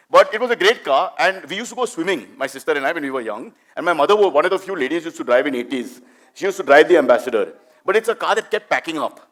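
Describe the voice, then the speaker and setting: A middle-aged man with an Indian English accent, doing animated stand-up storytelling and teasing the audience. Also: fairly high pitch. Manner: animated, chatty, teases the audience. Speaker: stand-up comedian.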